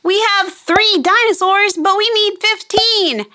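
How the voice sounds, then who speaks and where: A young adult woman hosting a children's show, narrating slowly and gently in a sing-song, animated way for kids. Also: very high voice. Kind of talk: slow kid-directed narration.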